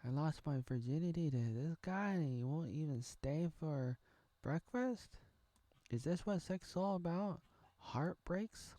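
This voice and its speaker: A man's voice: fairly high pitch, expressive, a little slow, dark tone, no echo, voice pushed up. A man voicing a heartbroken young hobbit woman in a whiny, melodramatic way.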